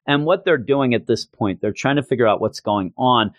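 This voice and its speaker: A man co-hosting a podcast, recapping a comic issue in casual chat and switching into goofy high voices when quoting characters. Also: moderate pace, dry recording. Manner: animated retelling, jumps into high goofy voices for quotes. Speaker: podcast co-host reviewing comics.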